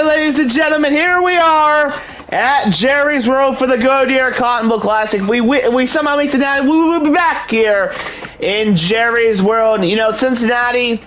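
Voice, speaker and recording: A man's voice: extremely high pitch, a bit bright, rough recording. A young man hosting a video game channel, hyping his game like a sportscaster in upbeat play-by-play commentary. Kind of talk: hyped gameplay commentary.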